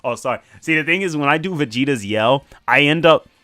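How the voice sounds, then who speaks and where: Animated, chatty male streamer. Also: fairly high pitch, brisk, no room sound. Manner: animated, chatty, laughs often. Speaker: streamer reading and analysing manga. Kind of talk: casual live-stream chat.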